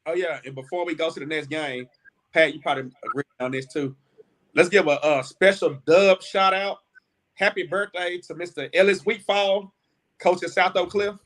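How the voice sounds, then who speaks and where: A man from Houston hosting a casual high school sports talk show, chatty and leading the segments. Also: normal speed, a bit bright. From Houston, Texas.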